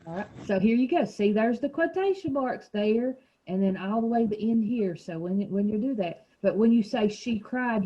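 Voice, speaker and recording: A woman with a medium-pitched, husky voice runs a children's reading group, patiently coaxing and encouraging the young readers. It's a dull, lo-fi recording made in a classroom.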